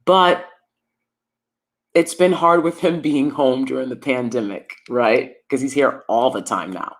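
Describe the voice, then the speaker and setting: A woman's voice: a bass voice, unhurried. A woman vlogger giving opinionated commentary to her viewers from downstairs at home, emphatic and repeating lines for effect.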